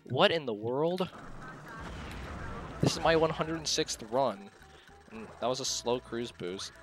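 A man's voice: mid-range voice, takes it slowly, music in the background. Young man streaming a speedrun. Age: young adult. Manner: excitable, disbelieving, talks in bursts with many restarts; keeps voice down to avoid waking sleepers. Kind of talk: casual live commentary while gaming. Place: college dorm room at night.

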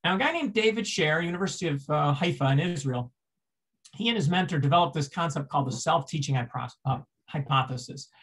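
A man's voice: on the high side, lively intonation, fast talker, a bit bright, breathy edge. A man giving a seminar lecture, explaining step by step, asking rhetorical questions and restarting phrases as he goes.

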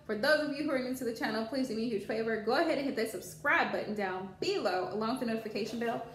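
A woman's voice: a little high, fast talker. A woman hosting a casual tarot vlog, chatty and talking straight to her viewers. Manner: chatty, addresses viewers as y'all, scolds her pet bunny. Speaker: tarot channel host. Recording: echoey room with background noise.

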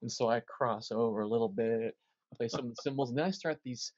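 A man's voice: mid-range voice, a little fast, no echo, muffled recording. A man, a drummer, telling a story in an interview and acting out the quotes. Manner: animated storyteller, acts out quotes.

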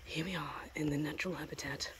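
Woman playing a whispered role-play wildlife narrator, hushed, deadpan gravity, outdoors. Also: low voice, fast talker, recorded from a distance, noisy background, pitched below the performer's own voice, close to an everyday voice. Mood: mock-grave. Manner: hushed, mock-grave. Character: hushed wildlife documentary narrator, mock-serious.

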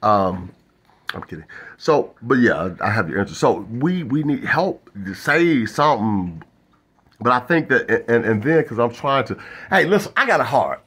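Husky man rambling through comedy bits. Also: medium pitch, expressive, moderate pace, a bit bright. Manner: loose, self-interrupting, many fillers and restarts. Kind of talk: rambling stand-up monologue to camera.

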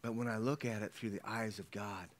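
A man preaching a sermon as pastor, animated, swinging between hushed asides and loud exclamations. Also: on the low side, brisk.

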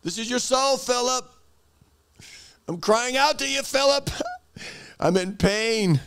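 Preacher putting on a caged soul's cry, high and pleading. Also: male voice, slow, vocal fry, smooth, heavily acted. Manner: pleading, wailing, rising to shouts. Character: male soul pleading from a prison.

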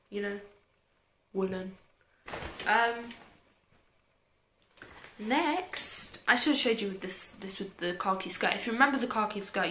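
Young British woman vlogger, chatty and self-mocking, tired, with a bright tone and a faint hum behind her. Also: medium pitch, roomy sound, rough recording. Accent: British English. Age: young adult. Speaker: YouTuber. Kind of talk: casual clothing haul.

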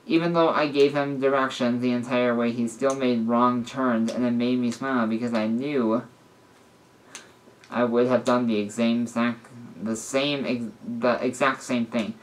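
A man's voice: mid-range voice, slight background noise, low-quality recording. A man casually reading a story aloud, often stumbling and correcting himself. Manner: stumbling, with frequent restarts and self-corrections. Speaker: story reader.

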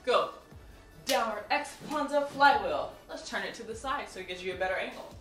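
In this video tutorial, a woman teaches a martial arts routine, counting moves, cueing students, and laughing and joking with viewers between drills. Her voice sits on the high side, fairly bright, with lively intonation and a moderate pace. Faint music plays in an echoey room, with the mic at a distance.

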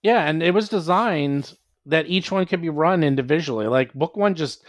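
A man being interviewed as a game author, chatting casually and acting out his players in quick quoted voices. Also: a little high, dry recording. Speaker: guest, adventure author and publisher.

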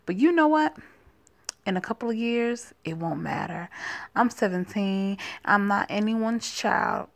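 A woman reading out a cold, distant seventeen-year-old foster girl from a story game. The lines come slow and flat, with a gravelly edge on the low notes. She sounds guarded and defiant.

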